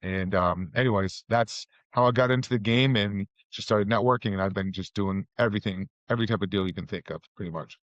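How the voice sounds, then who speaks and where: Brisk and lowish, with few pauses, this middle-aged man is a real estate guest spinning rambling stories riddled with fillers and false starts. It's a casual storytelling interview, and the audio is dry, muffled and dull.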